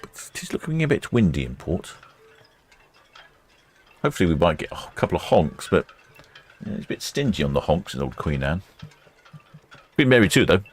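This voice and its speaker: Male live-stream host, extremely low voice, relaxed and rambling, talks to his viewers. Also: normal speed, long pauses, breathy edge. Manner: chatty, rambling, self-correcting. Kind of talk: casual live commentary.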